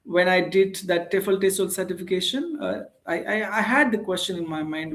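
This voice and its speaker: Earnest high-voiced Indian man teaching English. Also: moderate pace, few pauses, a bit bright. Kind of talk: casual spoken English lesson.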